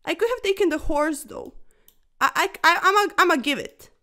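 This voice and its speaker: A woman chess streamer giving casual, excitable commentary over fast games, chatty and a little breathless, tacking "sir" onto her sentences. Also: extremely high pitch. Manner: excitable, chatty, keeps saying "sir", laughs often.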